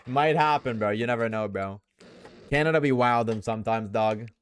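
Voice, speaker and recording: A young man streaming a game and chatting casually with his audience, slangy and joking, talking in quick bursts. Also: mid-range voice, clean tone.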